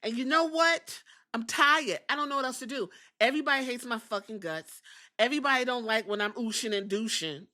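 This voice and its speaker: A woman's voice: a little high, fairly quick, pushed and bright. A woman voicing a weary male wrestler who rants in a sulky, profane way after losing.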